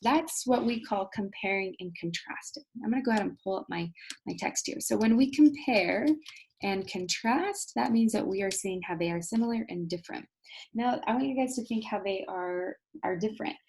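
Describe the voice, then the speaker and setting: A woman teacher talks her students through a recorded video lesson. Her voice is slightly husky and sits at a mid pitch. She explains patiently and leans into key moments with storytelling emphasis. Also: moderate pace, a little mellow.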